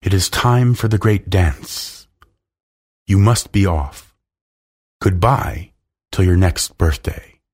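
A man reading a storybook aloud, voicing a male king cobra lord who speaks in a soft, slow, hissing way. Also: low voice, breathy edge, full character voice. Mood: soft, courtly. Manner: soft, slow, stately hiss.

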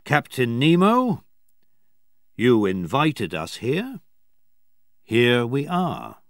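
A steady, commanding castaway leader, read by a man in a storybook. He speaks firmly and without haste, his voice lifting and falling with lively movement. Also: fairly low pitch, takes it slowly, dry recording, clean studio sound, heavily acted. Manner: firm and commanding. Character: bold, calm male engineer, adult leader of castaways.

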